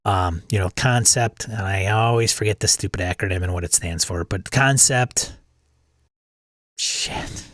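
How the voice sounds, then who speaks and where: A man's voice: sits low, fairly even intonation, a little fast, hardly any pauses, dry recording, studio quality. A man hosting a casual solo chat, rambling and often restarting his sentences. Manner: rambling, self-correcting, repeats words. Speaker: channel host. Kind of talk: casual solo chat about tabletop games.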